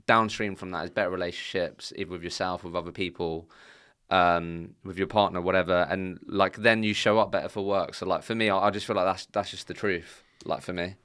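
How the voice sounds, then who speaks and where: Deep-voiced male podcast host, bright edge. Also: clear, resonant tone. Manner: reflective, agreeable, lots of "like" and "mm". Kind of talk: casual interview chat.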